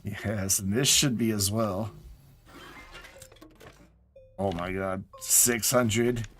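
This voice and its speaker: A man's voice: on the low side, steady tone, drawn-out words, soft background music. A man casually chatting to his viewers while playing a game on a live stream, sounding tired and yawning. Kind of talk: casual live gameplay chat.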